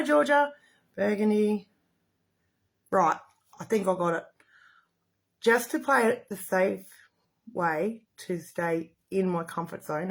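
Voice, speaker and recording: A middle-aged woman, chatting in a rambling, effusive way while hosting a casual makeup livestream to the camera. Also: on the low side.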